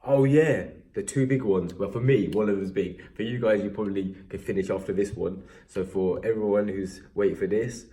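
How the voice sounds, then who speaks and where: A man's voice: lowish voice, moderate pace, hardly any pauses. A young English man recapping fight results in a rambling, self-deprecating casual chat. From England. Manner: rambling, self-deprecating, animated when excited. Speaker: MMA vlogger.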